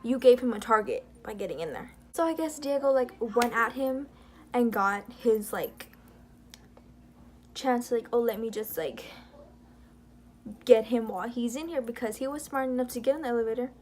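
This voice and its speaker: A woman's voice: a little high, animated, normal speed, pauses often, a little hiss or hum. Heated, rambling young woman vlogger. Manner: rambling, heated, retelling drama with quoted dialogue. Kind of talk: casual commentary vlog.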